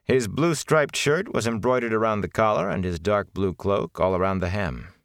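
A man narrating a fantasy novel in measured, expressive storytelling. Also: fairly low pitch, no echo, studio quality. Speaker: audiobook narrator.

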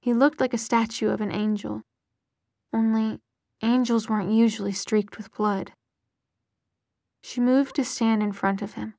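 A woman narrating a romance novel in a soft, breathy whisper. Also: fairly high pitch, fairly even intonation, measured pace, long pauses, dry recording, clean studio sound.

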